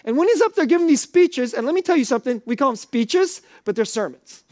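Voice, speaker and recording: A man's voice: very high voice, animated, fast, darkish tone, no room sound. Guy preaching, chatty, keeps asking the crowd questions, dry close sound. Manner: conversational, asks the audience questions. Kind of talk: sermon.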